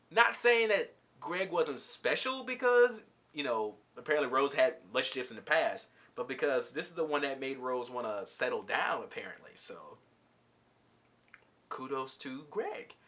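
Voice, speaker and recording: A man vlogging a casual, slangy recap of a cartoon episode, telling the story with animated energy. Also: mid-range voice.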